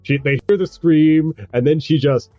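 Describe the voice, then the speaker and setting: A man narrating a tabletop role-playing game as game master, chatty and halting, often laughing as he goes. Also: a little high, dry recording, muffled recording, faint music behind.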